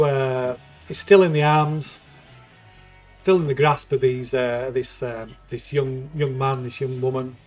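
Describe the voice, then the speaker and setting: A man narrates a tabletop game as game master, stopping and restarting his sentences often. His voice sits a little high, with faint music in the background. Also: darkish tone. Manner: halting, full of ums and restarts.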